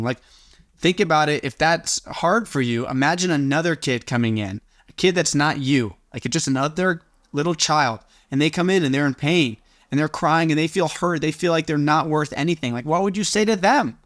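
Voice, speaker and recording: A man's voice: fairly high pitch, moderate pace, dry recording, studio quality. A young man coaching viewers on self-love in an earnest, motivational teaching style, often dropping in a casual "like". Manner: earnest and coaching, loose with filler "like". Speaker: confidence coach.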